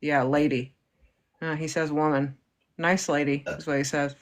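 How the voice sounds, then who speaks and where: A woman hosting a livestream, calmly paraphrasing and explaining what her guest says. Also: low-pitched, normal speed. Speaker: livestream host. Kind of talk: relaying and explaining a guest's words.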